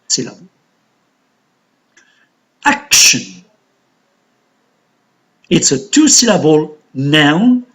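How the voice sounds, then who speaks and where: A man with a high, animated voice walks a class through word stress. He talks at an unhurried pace and counts syllables out loud, one by one. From Algeria. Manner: slow, deliberate explanation, counting syllables aloud. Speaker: English teacher.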